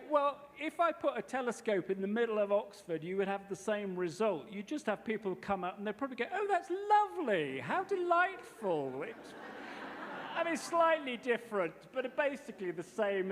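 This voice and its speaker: A man's voice: sits high, a little hiss or hum. A man as a teacher trainer, giving a chatty, explanatory workshop presentation in a lecture hall. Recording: long hall reverb.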